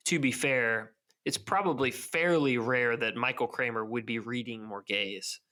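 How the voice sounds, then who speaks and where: A man co-hosting a book podcast, casually retelling chapters and voicing characters' lines a bit higher. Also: measured pace, bright, forceful tone. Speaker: podcast co-host. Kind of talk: casual book-club recap.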